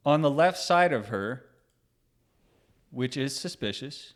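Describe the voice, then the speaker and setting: A man's voice: medium pitch, expressive, takes it slowly, long pauses, a bit bright. A man co-hosting a casual reaction chat, laughing often and reading posts aloud. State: sleep-deprived. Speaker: co-host.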